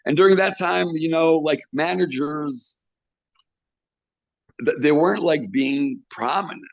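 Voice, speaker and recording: A man's voice: fairly high pitch, a little slow, creaky, no echo. A man in an interview, a wrestling manager and trainer, telling stories with animation and acting out other people's lines. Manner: animated, acts out quotes in others' voices. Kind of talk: interview storytelling. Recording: dull lo-fi recording.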